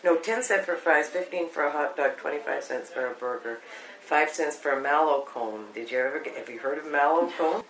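An older woman from Canada, reminiscing in an interview, rambling along with many pauses. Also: sits low. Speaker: oral history interviewee. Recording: echoey room.

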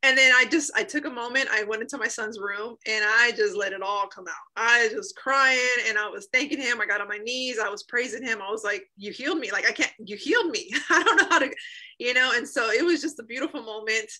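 A woman in her thirties telling an emotional personal story, animated, often laughing and acting out what people said. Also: on the high side, brisk, low-quality recording. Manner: animated, laughs often, acts out quoted voices. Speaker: guest sharing a healing testimony.

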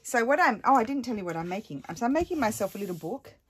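A woman's voice: on the high side, big pitch swings, rapid-fire, over music. A woman chatting casually while making a craft at home, rambling with many ums and asides. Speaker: craft vlogger. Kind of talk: casual craft-along chat.

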